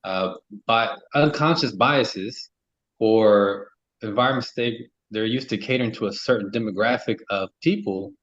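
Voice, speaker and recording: Halting man with slightly muffled audio. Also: lowish voice, a bit bright. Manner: halting, repeats words while building a point. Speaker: panelist on a men's talk show. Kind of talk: casual discussion.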